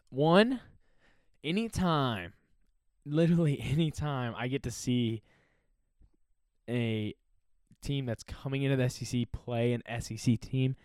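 A man giving casual, opinionated solo commentary on college sports, teasing and animated. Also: medium pitch, dry recording, studio quality.

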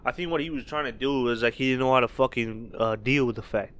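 A young man co-hosting a podcast at an ordinary mid pitch. He muses in loose, profane casual chat, thinking out loud. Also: fast talker. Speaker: podcast co-host.

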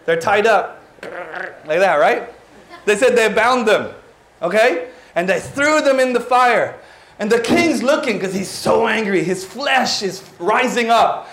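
Man in his forties, animated preacher, very high voice, echoing church hall. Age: 40s. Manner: animated, exclaiming, drops in Tagalog words. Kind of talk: sermon.

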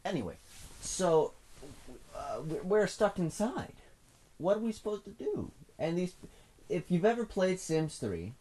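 A man's voice: high voice, sing-song, a little slow, pauses often. Rambling teen guy, solo podcast at home. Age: teens. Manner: rambling, restless, self-mocking, swings loud and quiet. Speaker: podcast host. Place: at home indoors.

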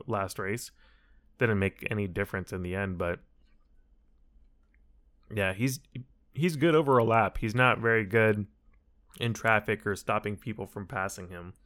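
A man's voice: on the low side, a bit bright. A man talking casually to his audience about a motor race, rambling and correcting himself as he goes. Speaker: solo racing commentator. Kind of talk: casual chat.

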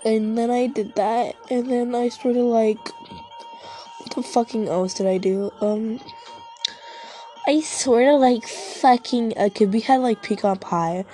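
A woman's voice: on the high side, unhurried, mellow, soft background music. A young woman rambling casually to herself, swearing a lot, making self-mocking asides, and short of breath.

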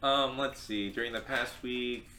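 A man in his late teens or early twenties on a casual podcast, telling a story in a halting, hesitant way. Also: mid-range voice, fairly even intonation, pushed and bright. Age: young adult. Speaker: podcast co-host. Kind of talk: casual chat.

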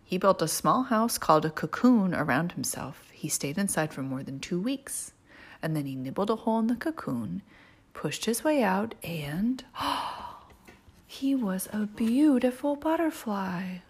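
A woman reading picture books aloud to a toddler in a playful, sing-song way, sometimes dropping to a hush. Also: on the low side, big pitch swings, moderate pace, breathy edge. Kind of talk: animated picture-book read-aloud.

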